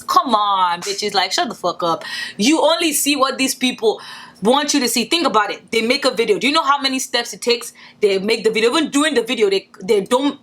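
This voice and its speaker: Bright, blunt young woman vlogger. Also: on the high side, fairly quick. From Nigeria. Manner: blunt, profane, animated rants with mocking put-on quotes. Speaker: beauty vlogger. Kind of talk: casual commentary vlog.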